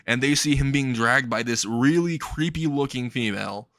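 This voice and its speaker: A man's voice: medium pitch, normal speed, a bit bright, dry recording. Rambling, crude comedic storyteller man.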